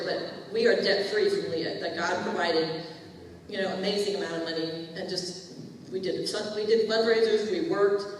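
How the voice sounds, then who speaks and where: A woman's voice: mid-range voice, slight background noise. Woman, church testimony speaker, conversational storyteller; distant, reverberant hall recording. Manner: chatty storytelling, acts out quoted dialogue. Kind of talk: testimony to a congregation. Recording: echoey hall, distant mic.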